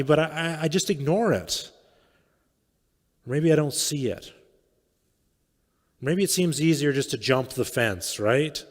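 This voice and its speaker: Reflective male pastor in a reverberant church. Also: mid-range voice. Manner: reflective, with quiet trailing phrases. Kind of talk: sermon. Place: church sanctuary.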